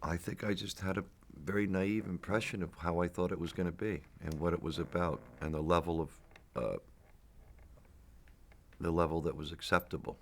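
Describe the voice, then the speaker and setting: A middle-aged actor being interviewed, his voice low and rough with a gravelly edge. He rambles through stories with restarts and chuckles. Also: fairly even intonation, moderate pace, slight background noise. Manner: rambling storyteller with restarts and laughs. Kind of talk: casual anecdotal interview.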